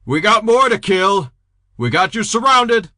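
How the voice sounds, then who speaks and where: A man voicing a loud, confident male raider in an audiobook, shouting threats into the night. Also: sits high, sing-song, unhurried, no room sound, studio quality, voice pushed up, heavily acted. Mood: menacing. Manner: shouting, menacing.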